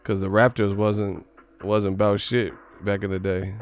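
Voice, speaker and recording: A man live streaming in casual chat, animated and slangy, laughing often. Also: fairly low pitch, moderate pace, soft background music.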